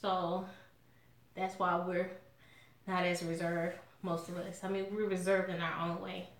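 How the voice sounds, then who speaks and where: A woman's voice: fairly low pitch, level tone, unhurried, echoey room. A woman from Alabama with a Southern accent, chatting casually and outspokenly to her viewers while eating. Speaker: mukbang vlogger.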